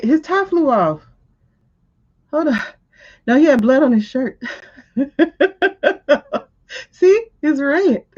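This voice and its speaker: Over lo-fi sound, a woman with a voice that sits high hosts a livestream and comments on a news clip. She's casual and exasperated, animated and laughing, and keeps talking back to the screen.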